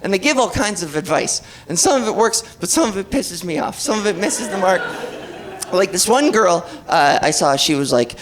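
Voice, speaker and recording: This woman in her thirties does wry, self-deprecating stand-up before a live club audience, whose laughter is audible. Her medium-pitched voice is expressive at a normal speed, with slight background noise.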